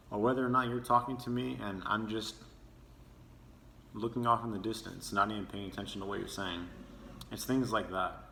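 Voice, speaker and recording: A man's voice: on the low side, gravelly, bright, forceful tone, slight background noise. A young man giving a persuasive speech to his class, earnest and sometimes acting out tones of voice to make his points. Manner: earnest, demonstrating with his own tone. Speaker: student speaker. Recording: echoey room with faint ambience.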